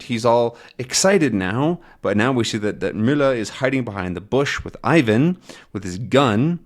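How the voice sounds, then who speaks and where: A man's voice: mid-range voice, animated, normal speed. A man teaching English by reading a comic aloud, patiently explaining words and often checking in with "right?".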